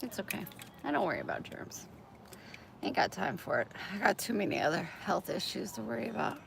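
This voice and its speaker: A woman's voice: medium pitch, expressive, fairly quick, gravelly. A woman vlogging on a phone while walking outdoors, chatting to her viewers in a meandering, easily sidetracked way. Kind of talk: rambling livestream chat. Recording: outdoor street noise with traffic. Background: outdoor ambience and passing vehicles.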